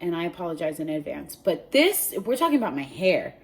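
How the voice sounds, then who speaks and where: A pregnant woman vlogs, telling a story to the camera in an animated, chatty way and often saying "like" and "literally." Her voice is lowish and her pace a little fast.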